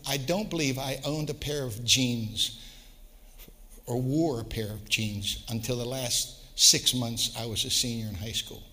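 A man's voice: mid-range voice, sharp tone, in a large hall. A middle-aged man, a pastor, preaching a sermon and telling stories with repeated words. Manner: storytelling with acted quotes, repeats words.

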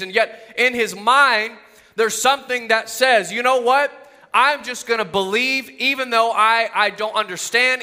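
A male preacher delivers an impassioned sermon in a high, very bright and piercing voice. He keeps repeating his key phrases and asking rhetorical questions, and his voice rings with the long reverb of a large hall.

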